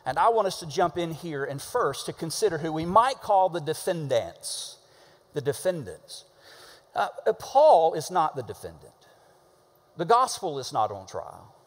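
A pastor preaching a sermon, animated and conversational, asking the congregation to repeat words with him and punching key words hard. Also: male voice, on the high side, a little slow, in a large hall. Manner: animated, with sudden shouted emphasis and call-and-response.

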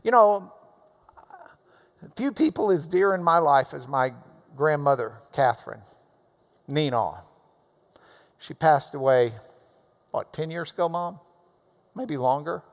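A man preaching with a high, lively voice that leaps up and down in pitch. He delivers the sermon emphatically, swinging from loud urging to hushed asides. His voice rings with the long reverb of a big church hall. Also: slow, long pauses.

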